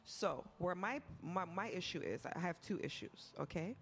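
A woman's voice: on the low side, expressive, normal speed, vocal fry, fairly bright tone, slight background noise. A woman from the Montreal area, co-hosting a radio show in casual chat, outspoken and emphatic. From Montreal area, Canada. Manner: outspoken, emphatic, speeds up when heated. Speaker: radio co-host. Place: campus radio studio.

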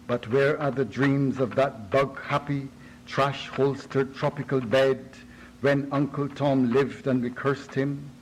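Man slowly chanting verse. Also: on the high side, poor audio. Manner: slow, rhythmic, chanting delivery. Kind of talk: poetry reading.

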